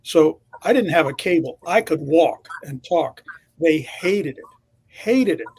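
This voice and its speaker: A veteran TV reporter in his sixties, appearing as an interview guest, tells a confident, emphatic story from his career. His voice is fairly high, animated, and darkish with a breathy edge, and he speaks unhurriedly.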